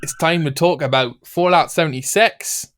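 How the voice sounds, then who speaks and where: Jokey Scottish comedian impression, a man putting it on high and loud. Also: moderate pace, lightly acted. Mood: playful. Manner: loud, jokey put-on brogue.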